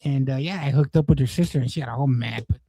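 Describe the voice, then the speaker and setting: A man's voice: medium pitch, fast talker, dark tone, breathy edge, dry recording, poor audio. A man in his forties from East Los Angeles, telling stories in casual streamer chat, rambling and swearing, with many restarts.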